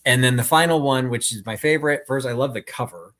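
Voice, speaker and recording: A man co-hosting a live-streamed sale presents his items with casual, wry, self-deprecating auction patter. His voice is medium-pitched and fairly bright, and he talks fast.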